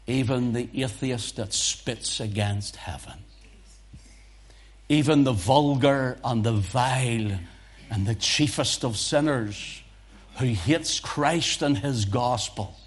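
A man preaching a sermon, moving between hushed breathy passages and loud fervent exhortation. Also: mid-range voice, takes it slowly.

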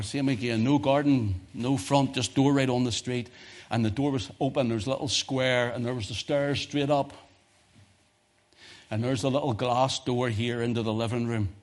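A male preacher giving a sermon full of personal testimony stories, talking in an animated way that swings from loud emphasis to hushed tones. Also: medium pitch.

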